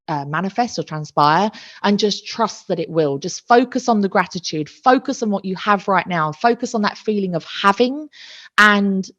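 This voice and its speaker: A woman, a podcast guest, telling a personal story in an emotional, animated way and swearing freely. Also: mid-range voice, normal speed. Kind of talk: casual storytelling interview. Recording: dull lo-fi recording.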